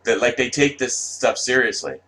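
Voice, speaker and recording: A man's voice: mid-range voice, animated, normal speed, sharp tone, slight background noise, low-quality recording. A man delivering a rambling, profane ranting monologue as a vlogger, with many restarts.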